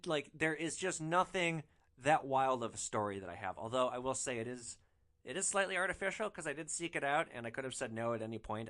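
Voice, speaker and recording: Animated man telling wild stories. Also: medium pitch. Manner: animated, excitable storyteller who swears casually. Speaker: podcast host, rideshare driver. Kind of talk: storytelling podcast.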